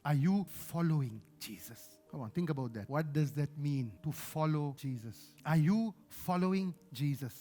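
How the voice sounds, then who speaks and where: A man with a Sri Lankan accent preaching a sermon as pastor, passionate, swinging between loud emphasis and hushed asides. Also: high-pitched, expressive, normal speed, hardly any pauses.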